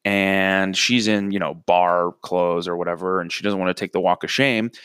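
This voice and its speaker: A man's voice: low voice, steady tone, normal speed, fairly bright tone, clean tone, no echo, clean studio sound. A young man telling a profane, rambling comic story with self-mocking asides. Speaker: comedic storyteller. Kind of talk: crude comedic storytelling.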